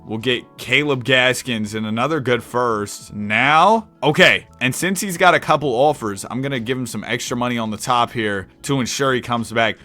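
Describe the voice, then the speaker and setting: A man's voice: medium pitch, sharp tone. A young man giving casual, chatty commentary over a basketball video game, thinking aloud and correcting himself as he goes. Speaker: gaming commentator.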